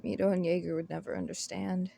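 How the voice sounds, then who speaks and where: Casting: a woman as a shy androgynous elf, whispered role-play, gravelly and mellow, stumbling over words. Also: lowish voice, flat delivery, fast, a little hiss or hum. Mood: tender. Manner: hesitant, stammering, apologetic.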